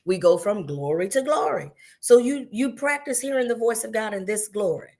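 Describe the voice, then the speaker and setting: Earnest middle-aged woman preacher, higher voice. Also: lively intonation, moderate pace, a little mellow. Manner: earnest, repeats phrases for emphasis; tells personal stories to the listener. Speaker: minister giving a midday devotional. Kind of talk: devotional teaching.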